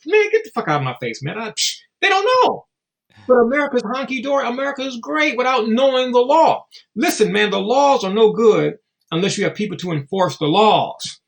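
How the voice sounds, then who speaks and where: A man with a high voice that swings widely up and down, talking as a guest in a relaxed interview. He is blunt and emphatic and swears freely. He tells stories and acts out what others said. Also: fairly quick, gravelly. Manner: storytelling with acted-out quotes. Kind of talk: casual podcast interview.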